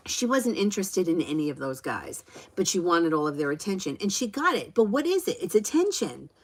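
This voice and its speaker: A woman's voice: lowish voice, very animated, a little fast. A woman hosting a casual tarot reading at home, rambling off on tangents and laughing often. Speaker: tarot reader hosting a livestream. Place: home with a small child around.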